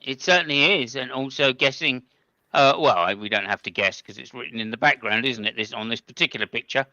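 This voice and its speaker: Male comedy podcast host, very bright and crisp, dry dull sound, rambling jokes. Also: mid-range voice, fairly quick, dry recording. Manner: joking, rambling, playful stutters. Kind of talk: casual comedic race commentary chat.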